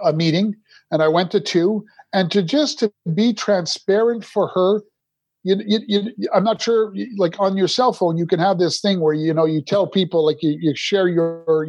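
A man's voice: sits high, darkish tone, no room sound, lo-fi sound. A middle-aged man from Canada, a podcast guest, telling his recovery story candidly in a rambling way, restarting his sentences often.

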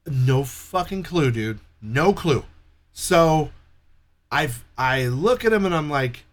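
A man with a somewhat high voice tells a story in casual conversation. He swears freely and acts out each person in lively quoted dialogue. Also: takes it slowly. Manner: profane, animated retelling with quoted dialogue.

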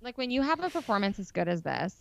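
A woman's voice: mid-range voice, very animated, fast talker, gravelly. A woman co-hosting a podcast, chatting casually and frankly about a TV show, with lots of "like". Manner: frank, opinionated, heavy use of "like". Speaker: podcast co-host. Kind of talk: casual chat reviewing a TV show.

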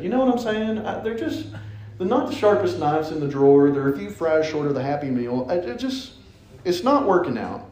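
A man preaching a lively, playful sermon in a church. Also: fairly high pitch. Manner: animated, playful, acts out voices. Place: church sanctuary. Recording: echoey church room.

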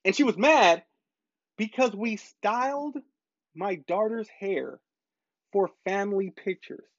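A man's voice: high-pitched, animated, slow. A man recounts a frustrating story in a casual, conversational monologue, leaning on repetition to drive each point home. His voice sits in a dry space with no room echo. The recording is a little dull and muffled. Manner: emphatic, repeats points for stress. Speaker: parent vlogger.

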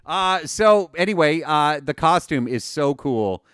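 Excited rambling male podcast host. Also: fairly high pitch, measured pace, clear, resonant tone, dry recording, studio quality. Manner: rambling, excited, many fillers and restarts. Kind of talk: casual podcast chat.

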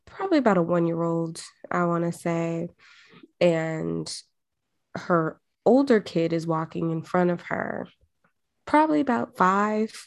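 A woman's voice: on the low side, expressive, measured pace, creaky, no echo, studio quality. A woman with a South Jersey accent, a podcast co-host telling stories in casual slang and laughing often. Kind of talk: casual chat.

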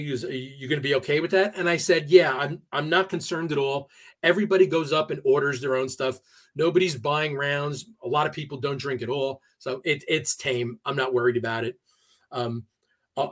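A man being interviewed on a podcast, telling a personal story in a casual, halting way with many fillers and restarts. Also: fairly high pitch. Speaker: podcast guest. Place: New York area.

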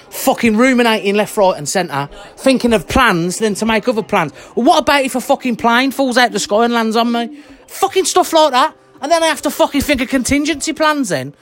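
A vlogger delivering an angry monologue rant, blunt and heated, swearing constantly and sweating. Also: medium pitch. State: worked up and sweating.

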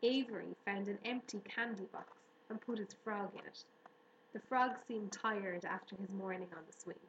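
A woman narrating an audiobook in a steady, even storytelling manner. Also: medium pitch, moderate pace, dull audio. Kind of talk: audiobook reading. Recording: roomy room echo, faint hiss.

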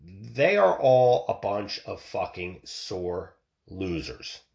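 A man's voice: on the low side, very animated, takes it slowly, gravelly, darkish tone. A middle-aged man ranting and telling a story bluntly, swearing often and restarting his sentences. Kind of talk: profane ranting monologue.

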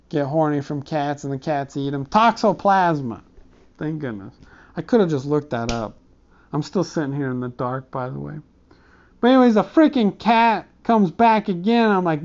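A man's voice: a little high, a little mellow, clear, resonant tone, dull audio. Rambling, profane man telling comic stories. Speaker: comedic storyteller. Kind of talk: rambling comic storytelling monologue. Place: dark room.

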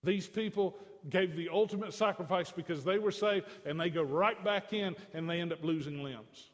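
A man's voice: high voice, normal speed. A man preaching a sermon as pastor, mixing folksy conversational asides with emphatic declarations, in a church sanctuary. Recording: long hall reverb.

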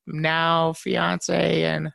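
A man's voice: a little high, monotone, very slow, creaky, fairly bright tone, no echo. A young man hosting a casual podcast chat, laid-back and swearing freely, often repeating words as he starts a sentence. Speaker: podcast host.

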